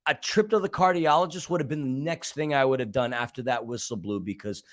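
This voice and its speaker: A man's voice: medium pitch, a little fast. A man co-hosting a fan podcast, retelling the match in an emphatic, dramatic way with joking asides. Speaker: podcast co-host.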